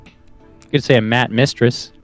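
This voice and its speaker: A man's voice: mid-range voice, steady tone, unhurried, soft background music. Wry, jokey man, podcast guest. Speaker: musician guest. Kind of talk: casual chat.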